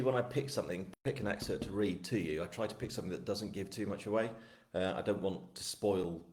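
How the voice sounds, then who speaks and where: A man from England with a lowish voice chats loosely to his viewers, wandering into asides and running himself down with a grin. His talk carries the echo of a bare room at home, picked up on a webcam mic. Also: darkish tone. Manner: chatty, self-deprecating, rambling asides. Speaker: author hosting a live book launch. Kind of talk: casual live-stream chat. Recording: echoey room.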